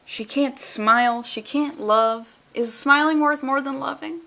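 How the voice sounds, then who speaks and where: A woman reading aloud as a heartbroken young woman from a comic book, pleading earnestly. The voice is a little high for a woman. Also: normal speed, pushed and bright.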